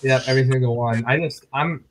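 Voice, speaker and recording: Brief: young man from New York, lively storyteller, mid-pitched, laughs a lot on a chat podcast. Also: fast talker, slight background noise, low-quality recording. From New York State. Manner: animated storyteller, laughs often. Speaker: guest angler.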